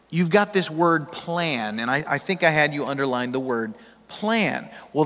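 A pastor preaching a sermon in a conversational, emphatic way, asking the congregation questions. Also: male voice, a little high, a bit bright. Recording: long hall reverb.

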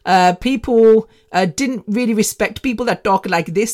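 A woman's voice: medium pitch, moderate pace, hardly any pauses, darkish tone. A woman, hosting a casual solo podcast, rambling and laughing often. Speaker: podcast host.

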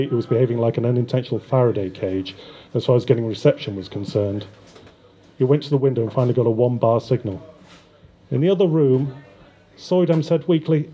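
A man reading his own crime story aloud at a live reading event, in a steady, measured way. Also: mid-range voice, husky, highs cut off.

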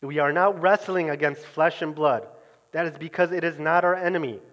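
A man preaching in an earnest, emphatic way, his voice sitting a little high for a man. His phrase endings sink to near quiet. A long reverb from the church hall trails each line. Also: moderate pace, highs cut off. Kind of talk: sermon.

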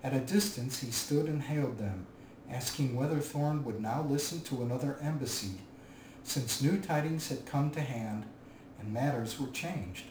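A man narrating a storybook aloud in a measured, even manner. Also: mid-range voice. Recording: roomy, distant mic, faint hiss.

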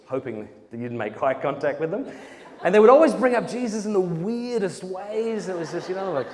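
Speaking fairly quickly in a high voice, a young South Australian gives a humorous conference talk, animatedly acting out quotes and laughing through his stories. The recording carries a large hall's reverb and faint noise.

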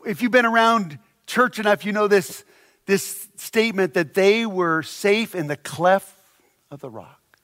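A man preaching a sermon, animated and humorous, acting out the voices of people in his stories. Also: high-pitched, unhurried. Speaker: pastor.

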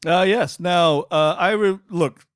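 A man's voice: sits high, slow pace, clear, resonant tone, no echo, clean studio sound. A man co-hosting a podcast, chatting casually, swearing and laughing as he tells stories. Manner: swearing, laughing, animated storytelling. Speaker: podcast co-host. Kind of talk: casual chat.

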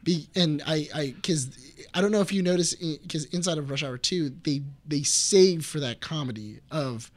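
A man in casual movie chat with friends, animated, acting out lines from films and laughing often. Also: on the high side, normal speed.

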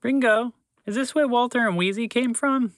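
A man's voice: moderate pace, a bit bright, no echo. A man voicing a small, often overlooked male mouse in a children's audio story. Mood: wry. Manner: small, high, a little sheepish.

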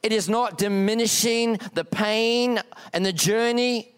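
Impassioned high-voiced male preacher. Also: a little slow, smooth. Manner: passionate, rising and falling emphasis with repeated exhortations. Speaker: pastor. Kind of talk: sermon. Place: church.

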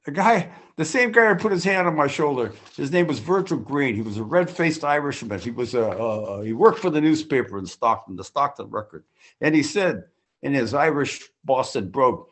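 A man's voice: medium pitch, lively intonation, moderate pace, a bit bright. An older man sharing his personal recovery story at a group meeting, folksy and full of restarts and acted-out quotes.

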